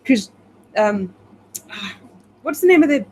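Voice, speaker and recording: A woman's voice: on the high side, expressive, slow, slight background noise. A tipsy woman co-hosting a casual chat, reading a plot summary aloud and breaking off with giggly, wry asides. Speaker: co-host.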